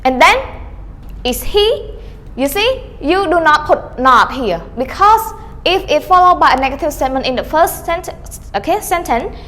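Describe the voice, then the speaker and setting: A high-pitched, slightly bright woman teaches an online English grammar lesson, animated and at a moderate pace, in a big-room sound. She keeps saying "okay," calls herself teacher, and demonstrates question tags with rising and falling tones.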